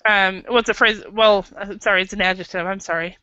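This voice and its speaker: A woman's voice: mid-range voice, steady tone, fast talker, bright, forceful tone, clean tone, dry recording. An American woman teaching an English class, patient and hesitant, with many fillers and restarts. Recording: dull lo-fi classroom recording.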